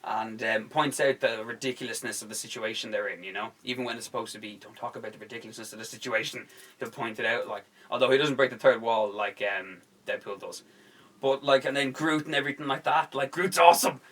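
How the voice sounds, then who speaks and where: A young man hosting a podcast in casual chat, excitable and sweary, acting out scenes as he talks. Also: medium pitch, fast. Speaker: podcast host.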